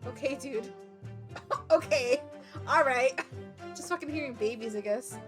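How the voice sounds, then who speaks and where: A woman's voice: high voice, measured pace, music in the background. A woman streamer casually joking and swearing while playing a courtroom game.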